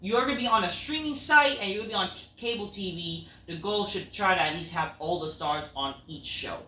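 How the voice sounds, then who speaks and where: A man's voice: sits high, brisk. Profane, rambling man ranting. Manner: rambling, profane, loud outbursts. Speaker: wrestling show reviewer. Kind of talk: casual ranting review. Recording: echoey room, mic at a distance.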